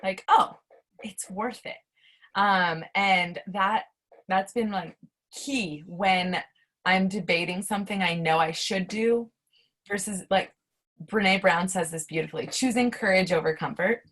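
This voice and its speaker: Guest, young woman, husky tone, casual and animated, over a video call. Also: medium pitch, measured pace. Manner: animated, many fillers and restarts. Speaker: interview guest, academic life coach. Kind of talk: casual conversational interview.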